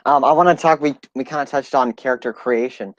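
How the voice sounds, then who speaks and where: A man's voice: medium pitch, a little fast, no echo, lo-fi sound. A young man hosting an interview who asks eager, enthusiastic questions. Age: young adult. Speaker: interview host. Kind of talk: casual interview chat.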